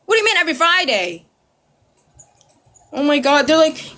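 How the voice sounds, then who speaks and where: A woman ranting straight to camera, loud and heated, swearing constantly and mimicking her critics with sarcasm. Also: high-pitched, sing-song, normal speed, pauses often. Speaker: social media creator. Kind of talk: ranting direct-to-camera video.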